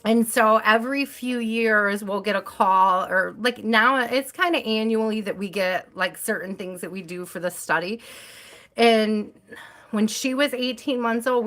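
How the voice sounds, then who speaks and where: Chatty bright-voiced woman live streaming. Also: mid-range voice. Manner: chatty storyteller, laughs often. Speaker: tarot reader hosting a live stream. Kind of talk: casual chat on a live stream.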